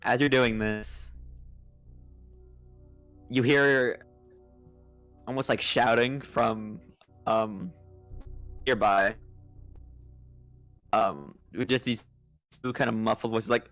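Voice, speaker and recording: A young man with a gravelly, creaky voice runs a tabletop game as dungeon master. He talks in halting bursts full of fillers and restarts, laughing now and then. Faint music sits under his voice. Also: mid-range voice, steady tone, fairly bright tone. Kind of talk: narrating a tabletop game over a voice call.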